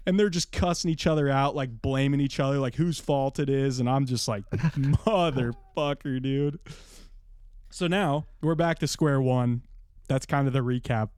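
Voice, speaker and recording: A young podcast co-host tells a story in casual chat, swearing freely and acting out what others said in a raised voice. His medium-pitched voice is a little mellow, clear, and resonant, at a moderate pace with no echo.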